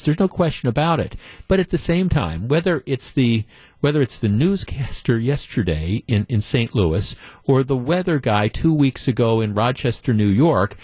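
Talk radio host, dry studio voice. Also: male voice, medium pitch, a little mellow, no room sound. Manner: conversational, emphatic opinion. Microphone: studio mic.

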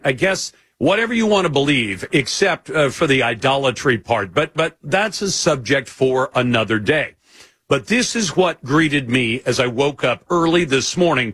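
A man's voice: a little high, a bit bright, husky, dry recording. A man hosting a talk radio show, delivering a blunt, argumentative opinion monologue in a conversational way from a studio mic. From United States.

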